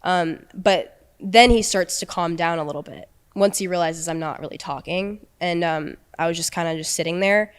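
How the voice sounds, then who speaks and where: A young woman guest on a podcast, telling a personal story in an earnest, halting way with many restarts. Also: lowish voice, clear, resonant tone.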